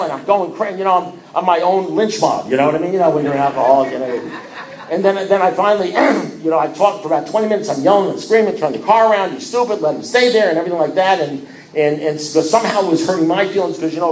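A man telling his own recovery story to a group, animated and self-mocking, often restarting his sentences. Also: on the high side, reverberant, background noise. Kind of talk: personal testimony to a group.

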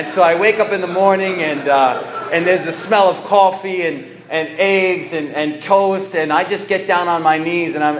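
A man stands before a recovery group and tells his own story in an earnest, conversational way. His voice sits a bit high for a man, and the room around him rings with echo. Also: a bit bright, a little hiss or hum. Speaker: recovery meeting speaker. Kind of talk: personal testimony talk.

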